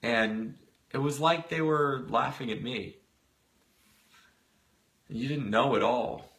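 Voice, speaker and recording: A man's voice: medium pitch, slow pace, a bit bright. A man voicing an insecure grown man who earnestly confides in his brother, retelling a film scene. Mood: confiding.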